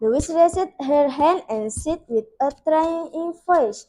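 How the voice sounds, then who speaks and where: A woman's voice: sits high, unhurried, hardly any pauses, mellow, poor audio. A young woman with an Indonesian accent, a student reading a fairy tale aloud carefully, with small slips. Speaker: student storyteller.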